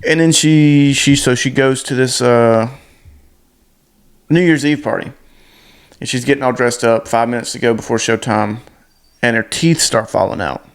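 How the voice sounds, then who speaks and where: A man retelling a movie in a casual, unpolished ramble. He is blunt and crude, and he stops often for fillers and restarts. His voice sits at an ordinary middle pitch.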